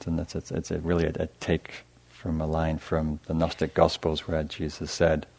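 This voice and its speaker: A middle-aged man giving a gentle dharma talk as a meditation teacher, soft-spoken and hesitant, with fillers and restarts. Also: a bass voice, completely flat delivery, normal speed, creaky. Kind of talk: dharma talk to a live audience.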